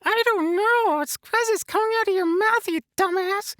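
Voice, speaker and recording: A man voicing a childlike red monster puppet in a high squeaky falsetto, talking about himself in the third person and slipping in crude insults. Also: normal speed, bright, forceful tone, no room sound. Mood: cheeky. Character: small furry red monster puppet, childlike yet foul-mouthed. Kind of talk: comedic puppet impression in a tutorial.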